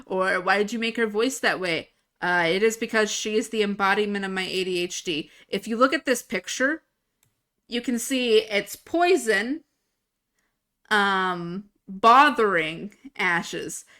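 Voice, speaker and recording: A woman's voice: medium pitch, unhurried, bright, forceful tone. A young woman streamer chatting casually into a desk mic, rambling and swearing freely. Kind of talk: casual live-stream chat. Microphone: desk microphone.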